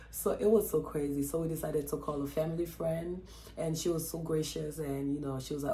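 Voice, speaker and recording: A woman vlogger telling a personal story in a chatty, expressive way, with lots of fillers and acted-out quotes. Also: sits low, fairly quick, roomy sound, a little hiss or hum. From Texas. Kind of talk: casual storytelling vlog.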